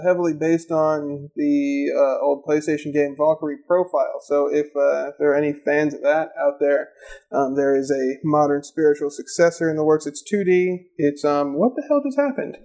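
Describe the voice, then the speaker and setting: Rambling young man, slightly high voice. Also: darkish tone, rough recording. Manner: rambling, laughs often, many fillers and restarts. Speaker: podcast co-host. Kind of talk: casual podcast banter. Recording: amateur home podcast recording.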